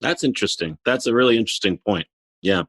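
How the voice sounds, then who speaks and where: A man's voice: mid-range voice, big pitch swings, quick pace, vocal fry, fairly bright tone, slightly rough, dry recording, clean studio sound. A man with a Midwestern American accent, a surgeon interviewing a guest in a casual, curious, playful way.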